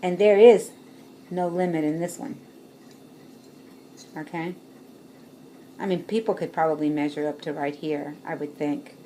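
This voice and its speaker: A woman's voice: low-pitched, little pitch movement, measured pace, long pauses, dark tone, slight background noise. A woman chatting casually to her camera as a vlogger, showing things with bowls and laughing often.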